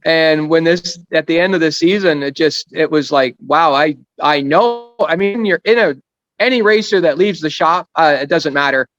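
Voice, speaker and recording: Man in his 50s, racing guest, rambling self-deprecating talk, slightly higher voice, muffled dry sound. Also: normal speed, fairly bright tone, dry recording. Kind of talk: casual podcast chat.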